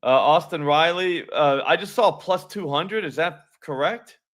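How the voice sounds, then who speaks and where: Male stream host, bright voice, casual and salty, banters with the chat. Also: on the high side, unhurried. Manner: loose, profane, talks to chat viewers. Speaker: sports betting show host.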